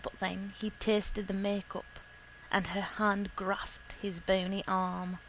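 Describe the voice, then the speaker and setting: A woman reading a literary short story aloud in a measured, deliberate way. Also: medium pitch, little pitch movement, a little hiss or hum, low-quality recording. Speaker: reader.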